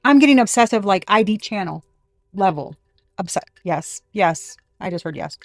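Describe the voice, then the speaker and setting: A woman's voice: medium pitch, expressive, normal speed, vocal fry, no echo, studio quality. Blunt, profane woman doing a tarot reading. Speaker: tarot reader.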